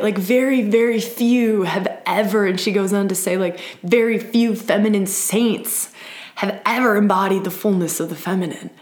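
In a roomy-sounding live stream, a woman with a medium-pitched, slightly mellow voice leads an online women's circle through a spiritual talk. She is earnest and emphatic, with repeated "right?" asides and restarts.

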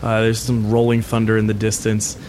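A man's voice: fairly low pitch, completely flat delivery, brisk, darkish tone, slight background noise. A man narrating a tabletop game as game master, setting scenes in a loose way with many fillers.

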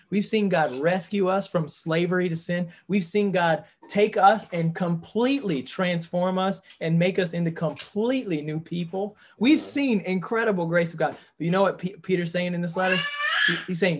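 Earnest man teaching scripture. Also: fairly high pitch. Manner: earnest, thinks aloud with fillers and restarts. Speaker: pastor leading a Bible study. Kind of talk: discussion-group teaching.

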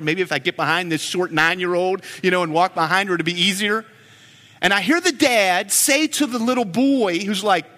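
A man in his forties preaching a sermon as a pastor, telling stories in an animated, joking way. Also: high voice, big-room sound. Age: 40s.

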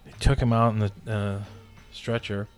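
Man, fifties, low pitch, casual podcast guest, rambling, swears a lot. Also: flat delivery, normal speed, faint music behind. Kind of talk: casual storytelling in a podcast interview.

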